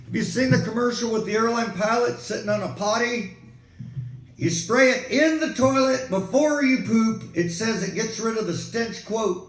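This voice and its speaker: Casting: high-pitched male comic host, sarcastic rambler, echoey room. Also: moderate pace. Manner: sarcastic, digressive ranting. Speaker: comedic weatherman host.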